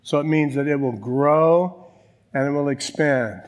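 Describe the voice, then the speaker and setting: A man preaching a sermon as pastor, emphatic, with slow, drawn-out stresses on key words. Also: fairly high pitch, long reverb tail.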